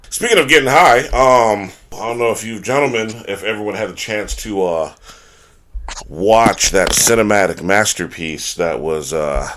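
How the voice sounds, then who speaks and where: A man hosting a casual podcast chat, loud and jokey, cursing often. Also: deep voice, a little hiss or hum. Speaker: podcast host.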